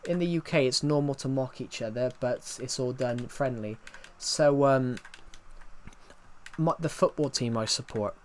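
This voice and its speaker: A man's voice: medium pitch, measured pace, slight background noise. A man, chatting casually on a live stream, answering chat with many fillers and restarts. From England.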